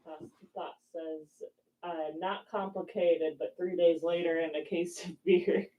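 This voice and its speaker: Woman, reads chat, low flat voice, far from mic under loud paper crinkling. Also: unhurried, muffled recording, background noise. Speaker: co-host reading viewer chat. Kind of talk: reading chat comments aloud.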